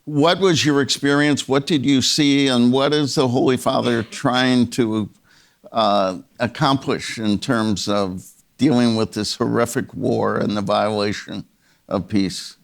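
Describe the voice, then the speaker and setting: A man's voice: mid-range voice, steady tone, a little slow, gravelly. A man moderating a university panel, thanking speakers and posing formal, gracious questions.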